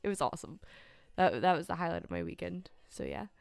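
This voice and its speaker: A woman's voice: lowish voice, expressive, fast, gravelly, darkish tone, dry recording. A young woman chatting casually, telling rambling stories with lots of fillers and giggles. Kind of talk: casual chat.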